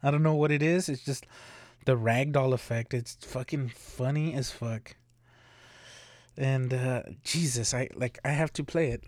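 A man's voice: medium pitch, a little slow, a little mellow. A man hosting a podcast alone, rambling casually with heavy swearing and frequent laughter. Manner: rambling, profane, laughing often. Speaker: podcast host. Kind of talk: casual solo commentary.

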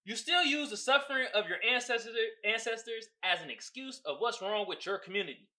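Animated young man, bright voice. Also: high-pitched, fairly quick. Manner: animated storytelling, swears a lot, acts out quotes. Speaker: podcast host. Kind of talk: casual chat.

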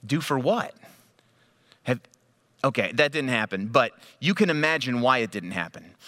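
A man's voice: medium pitch, bright, forceful tone. A male pastor giving a sermon, telling stories in a conversational, humorous way.

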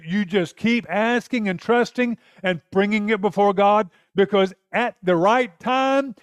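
A man's voice: sits high, a little slow, hardly any pauses, smooth, dry recording. A man preaching a sermon in an earnest, emphatic way, often acting out prayers.

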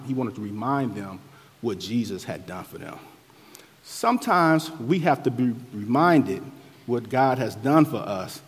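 Husky-voiced preacher in a reverberant hall. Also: male voice, darkish tone. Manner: rises and falls in pitch and force, preaching cadence. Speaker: pastor. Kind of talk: sermon.

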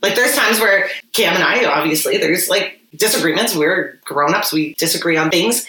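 A woman's voice: fairly low pitch, lively intonation, normal speed, bright, forceful tone, roomy sound, low-quality recording. A woman co-hosting a podcast, chatting casually and animatedly, laughing often. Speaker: podcast co-host. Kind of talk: casual chat.

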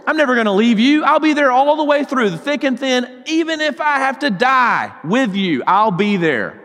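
A man's voice: a little high, sing-song, moderate pace, fairly bright tone, long reverb tail. A man with a Southern US accent voicing a boastful, overconfident male disciple who swears he will never leave. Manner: brash, bragging, swaggering.

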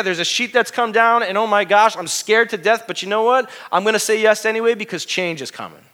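Impassioned preaching man, higher voice. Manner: impassioned, swings from hushed to loud exclaiming. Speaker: pastor. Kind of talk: sermon.

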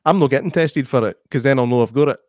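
A man's voice: medium pitch, fast, dry recording, clean studio sound. A young Scottish man co-hosting a podcast, joking wryly in casual chat. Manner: wry, joking. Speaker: podcast co-host.

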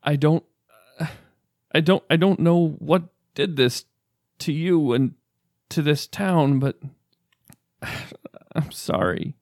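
A man playing a shaken, grieving father, halting and stammering. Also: a little high, a little mellow, no echo, studio quality.

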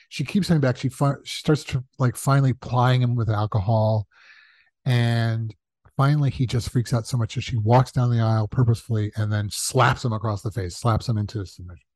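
A man's voice: mid-range voice, fairly quick, dry recording, studio quality. A man talking casually as a guest about comedy writing, acting out the people he quotes. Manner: animated, acts out quoted voices. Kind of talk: casual storytelling in conversation.

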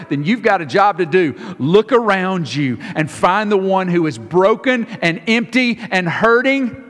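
Impassioned preaching pastor, man, hall reverb. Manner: impassioned, swings from hushed to loud and high. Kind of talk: sermon.

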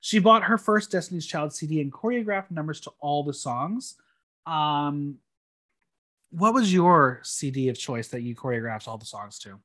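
A podcast host walking listeners through a TV episode. The voice moves widely in pitch, with playful asides between plot points. It has a casual, chatty feel. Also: normal speed. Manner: animated, playful recap narration. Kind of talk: recapping a TV episode, casual chat.

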